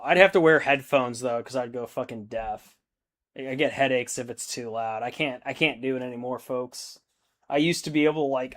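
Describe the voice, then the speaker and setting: A man in his thirties, with a medium-pitched and somewhat bright voice, hosts a hobby stream. He chats casually and reads viewer comments aloud, laid-back and rambling, swearing a lot.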